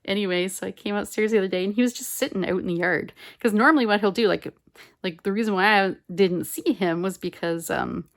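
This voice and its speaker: A woman chatting casually while she makes a collage at home, rambling and muttering softly to herself as she works, recorded on a phone on a mount. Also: medium pitch, brisk. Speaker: collage artist. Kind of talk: casual crafting chat. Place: home craft table, indoors.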